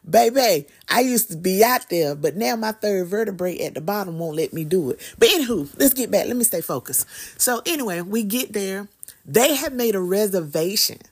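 Lady in her middle years, chatty and animated, telling a story on her podcast. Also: medium pitch. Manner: animated, chatty, with Southern slang. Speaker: podcast host. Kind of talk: casual storytelling monologue.

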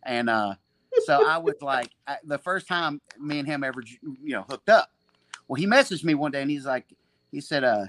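A man in his forties speaks at a middle pitch, telling loose, profane stories with many false starts. His tone is casual and chatty. The recording is dry and close. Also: moderate pace, a bit bright, dry recording. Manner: rambling, profane, frequent restarts and laughter. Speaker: podcast guest, jiu-jitsu black belt and gym owner. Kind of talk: casual storytelling chat.

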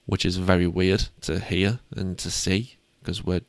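British co-host: very low, gravelly voice, dry close sound. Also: male voice, level tone, dry recording. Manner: upbeat, self-deprecating, quick asides. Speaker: podcast co-host. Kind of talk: casual sports chat.

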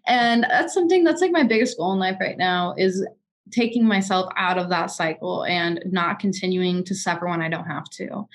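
A woman's voice: on the low side, normal speed. A woman in her twenties in casual podcast chat, telling personal stories candidly and often restarting her sentences. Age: 20s.

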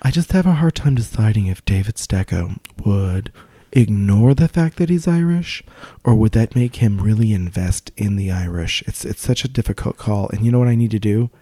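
A man's voice: fairly low pitch, lively intonation, moderate pace, warm tone, breathy edge, dry recording. A man co-hosting a podcast, bantering playfully with crude wisecracks. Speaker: podcast co-host. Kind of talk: casual podcast chat.

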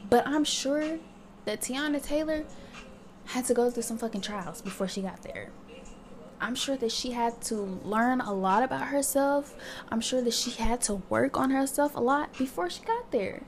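A woman's voice: on the high side, normal speed. A young woman hosting her own podcast, talking candidly in a casual monologue and swearing freely. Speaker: podcast host.

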